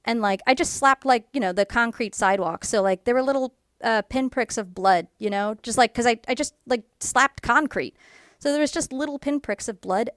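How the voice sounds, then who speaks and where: A woman casually telling a personal story to camera in a rambling way, full of fillers, and animated when she quotes people. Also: mid-range voice, smooth, no room sound, studio quality. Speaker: YouTuber.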